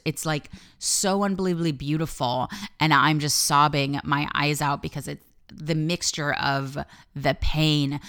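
Low, gravelly-voiced woman coach. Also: a bit bright. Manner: candid and profane, emphatic storytelling. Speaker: life coach. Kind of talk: podcast monologue.

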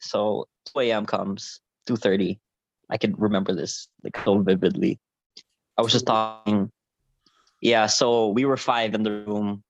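A young man telling a story in a casual chat with friends, animated and swearing, acting out what people said. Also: fairly low pitch, unhurried. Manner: animated, swearing, acts out quotes. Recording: dull, dry lo-fi sound.

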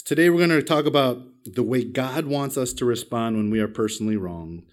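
A man preaching a sermon, telling a personal story with big swings in pitch and loudness, self-deprecating and asking the congregation questions. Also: brisk, hardly any pauses. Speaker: pastor.

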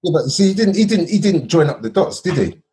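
Animated man telling a story. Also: fairly high pitch, quick pace. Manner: animated storytelling, checks in with "yeah?" and "bro". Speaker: podcast co-host. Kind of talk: casual chat.

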